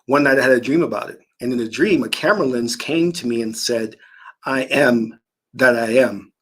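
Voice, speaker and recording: A man's voice: medium pitch, fairly bright tone, breathy edge. A man giving a motivational spiritual talk about manifesting through dreams, emphatic and given to storytelling.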